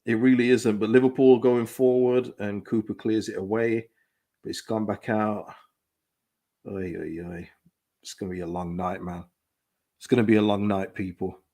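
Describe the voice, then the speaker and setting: A man's voice: lowish voice, unhurried, long pauses. A man hosting a live football watchalong stream, chatting casually, reading out viewers' comments and laughing often. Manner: excitable, reads out chat comments, laughs often. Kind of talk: casual live reaction chat.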